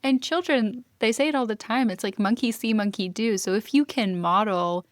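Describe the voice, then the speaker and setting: A woman's voice: on the high side, moderate pace, dry recording. Woman host chatting on a podcast, upbeat and affirming, super dry mic. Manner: affirming, enthusiastic. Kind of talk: conversational interview.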